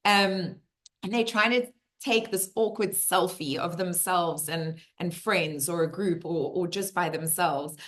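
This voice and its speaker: Animated woman telling stories. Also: on the low side, a little slow. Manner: animated storyteller who acts out the voices she quotes. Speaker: teacher hosting a community Q&A. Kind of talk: casual community Q&A talk.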